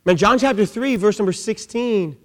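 A man's voice: high-pitched, moderate pace. A man preaching a sermon, emphatic, full of rhetorical questions and lines that open with "man". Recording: long reverb of a large hall.

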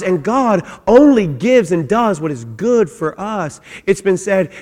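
A man preaching a sermon as pastor, emphatic, repeating his phrases and swinging between loud and soft. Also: high-pitched. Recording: long hall reverb.

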